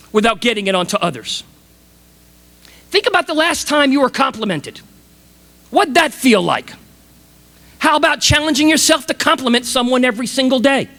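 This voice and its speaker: Enthusiastic guy doing a commencement speech, dramatic storyteller, bright voice, PA mic. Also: very high voice, in a large hall. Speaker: commencement speaker. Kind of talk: motivational speech. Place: large graduation ceremony venue.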